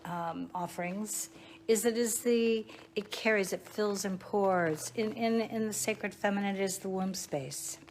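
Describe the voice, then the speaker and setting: A woman with a mid-range voice strolls through her small shop, leisurely and chatty as she shows off the goods. She talks slowly and takes her time, pointing things out one after another. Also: medium pitch, a little hiss or hum. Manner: leisurely, chatty, warmly showing off items. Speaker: shop owner giving a store tour. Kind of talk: casual guided shop tour.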